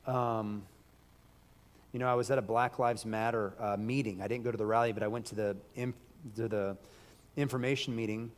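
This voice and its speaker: A man preaching a sermon in a church, losing his voice, emphatic and breaking into loud bursts. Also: lowish voice, fairly even intonation, moderate pace, long reverb tail. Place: church hall.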